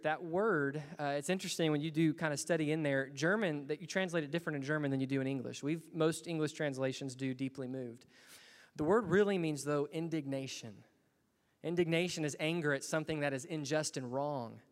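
A man's voice: a little high, big-room sound. A man preaching a sermon in a church, earnest and building to emphatic bursts. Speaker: pastor.

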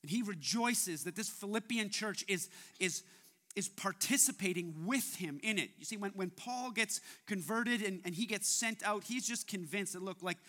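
Bright, high-voiced young father preaching. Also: moderate pace. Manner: animated, repeats words often. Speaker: pastor. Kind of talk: sermon.

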